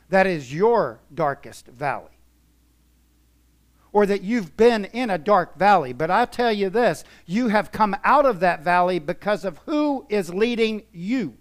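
A man preaching a sermon in a church, emphatic, swinging from soft to loud. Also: sits high, clear, resonant tone. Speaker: pastor.

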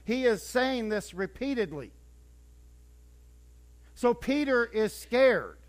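High-voiced animated male preacher. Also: slow pace. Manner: animated storytelling, acting out scripture scenes; conversational, with stumbles and restarts. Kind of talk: sermon.

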